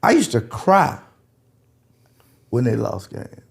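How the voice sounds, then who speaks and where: A man in his fifties from Jacksonville, Florida, telling stories as a guest in a lively, laughing way. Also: mid-range voice, slow, gravelly, slightly rough. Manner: lively, laughing, swings between loud and quiet. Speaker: guest, former football player. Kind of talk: animated storytelling.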